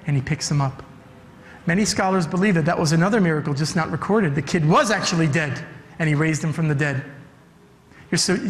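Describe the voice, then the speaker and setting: A man, a youth director, preaching an animated sermon in a church, acting out the voices he quotes. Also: high voice. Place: church sanctuary. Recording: reverberant church hall.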